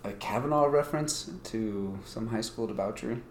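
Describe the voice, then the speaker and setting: A man's voice: lowish voice, brisk, echoey room, a crowd in the background. A man guesting on a casual podcast, giving jokey, rambling answers. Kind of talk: casual chat.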